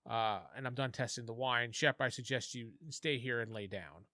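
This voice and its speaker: Bright-voiced man running a tabletop game. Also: medium pitch, normal speed, no echo, clean studio sound. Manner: chatty, laughing asides. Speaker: game master.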